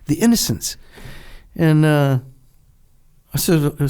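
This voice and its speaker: An older man, a retired Navy veteran, telling a lively story in a podcast interview, acting out the dialogue and laughing often. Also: on the high side, measured pace. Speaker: guest, retired Navy SEAL.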